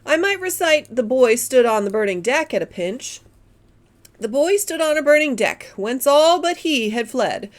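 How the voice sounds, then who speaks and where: A woman's voice: high-pitched, very animated, moderate pace. A woman voicing a dry, teasing young man working as a tour guide. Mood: wry.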